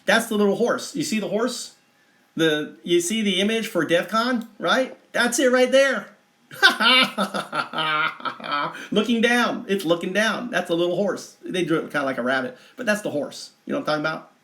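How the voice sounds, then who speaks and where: A man talking through a chart in a digressive, rambling monologue, restarting often and bursting into excitement. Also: high-pitched, brisk, echoey room. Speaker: vlogger explaining a chart of figures.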